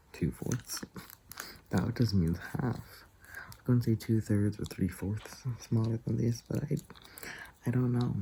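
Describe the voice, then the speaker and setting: A man's voice: lowish voice, creaky, noisy background. A man telling a story to camera in a casual, rambling way, with hesitations and asides. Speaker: vlogger.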